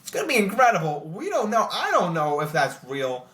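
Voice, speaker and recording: Rambling excited young man, roomy sound. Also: high voice, brisk. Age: young adult. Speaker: channel host ranking TV shows. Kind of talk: casual chat to camera. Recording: roomy echo.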